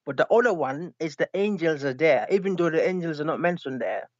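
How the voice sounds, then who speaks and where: A man calling into a live online debate, hesitant and restarting often, asking the other side to slow down. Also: a little high, animated, no room sound, highs cut off. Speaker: caller in a debate.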